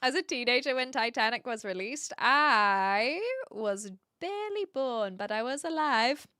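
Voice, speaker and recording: Chatty, bright-voiced woman streamer. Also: fairly high pitch, animated, measured pace, smooth, dry recording, clean studio sound. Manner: chatty, laughing, fillers, reads chat aloud. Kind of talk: casual live-stream chat.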